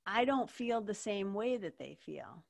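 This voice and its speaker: Hosting an interview, a woman shares a personal story with raw emotion and candor, cursing openly and saying "like" a lot. She has a mid-range voice with lively intonation and vocal fry, at a measured pace.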